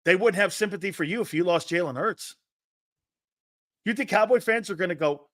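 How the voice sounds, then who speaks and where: A man hosts a sports talk show in a blunt, combative manner, swearing freely and scoffing at soft opinions as he fires back at viewers' comments. His voice sits a little high for a man. The sound is dry and close, with no room echo. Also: a little fast, pauses often.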